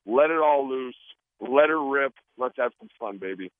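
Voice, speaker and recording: A man's voice: medium pitch, moderate pace, no room sound. A man, a football player, joking and acting out quotes in a casual radio interview. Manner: animated, joking, acts out quotes. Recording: tinny phone line.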